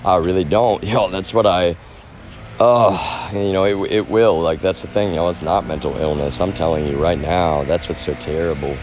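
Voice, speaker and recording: A man's voice: deep voice, steady tone, moderate pace, a little mellow, faint music behind. A man streaming live outdoors on a phone, rambling and profane, often calling out to "y'all".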